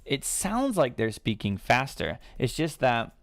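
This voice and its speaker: A man's voice: medium pitch, sing-song, measured pace, vocal fry, no room sound, clean studio sound. A man, hosting a casual live-stream Q&A and rambling with lots of fillers. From United States. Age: 30s. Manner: rambling, chatty, many fillers and restarts.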